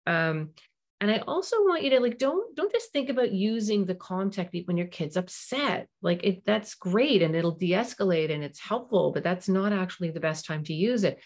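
A middle-aged woman hosts a parenting podcast, speaking in a slightly low voice. She gives advice in a warm, animated way and slips into little example dialogues as she goes.

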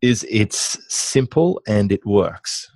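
A middle-aged man being interviewed as a guest, telling business anecdotes in a lively conversational way with frequent restarts. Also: lowish voice, slow, dry recording. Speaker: guest, online marketing business owner.

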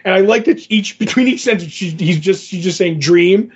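A man's voice: high voice, fairly quick, breathy edge, lo-fi sound. A man co-hosting a podcast, chatting casually and enthusiastically about a comic, retelling scenes in his own words. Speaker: podcast co-host. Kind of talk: casual comic book discussion.

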